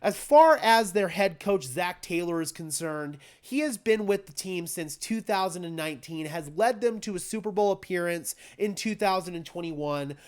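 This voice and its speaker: A man hosting a football preview show, talking through a stuffed-up nose from a cold in an energetic, emphatic way. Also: high-pitched, normal speed, hardly any pauses. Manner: energetic, emphatic sports talk. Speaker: sports show host. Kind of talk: football game preview commentary.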